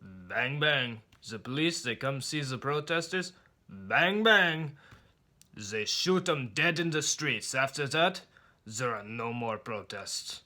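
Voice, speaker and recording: A man voicing a stern older male dentist who speaks in a low, slow, menacing hush. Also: animated. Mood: grim, hushed.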